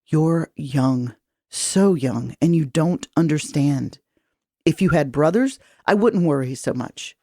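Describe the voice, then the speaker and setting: A woman's voice: deep voice, lively intonation, takes it slowly, dark tone, no room sound, studio quality, heavily acted. A woman reading the part of an aging nobleman father who lectures his daughter in a stern, weary way. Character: gruff worried aging male nobleman father.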